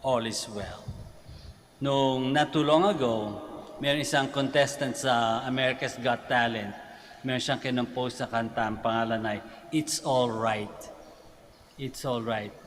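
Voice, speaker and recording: A man's voice: mid-range voice, fairly even intonation, normal speed. A man with a Filipino accent, a priest giving a morning homily in a conversational preaching manner and posing rhetorical questions. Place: large church basilica. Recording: long church reverb with faint noise.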